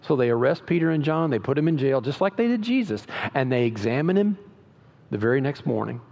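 A man's voice: mid-range voice, lively intonation, a little fast, darkish tone. A man preaching a sermon as pastor, in a conversational style with emphatic rises and frequent restarts. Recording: dull lo-fi sound with long hall reverb.

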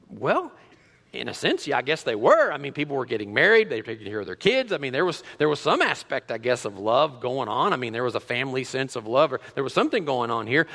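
Lively preaching man in a reverberant hall. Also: medium pitch, fast talker. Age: middle-aged. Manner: animated preaching with rhetorical questions and repeated restarts. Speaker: pastor. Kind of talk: sermon. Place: church sanctuary.

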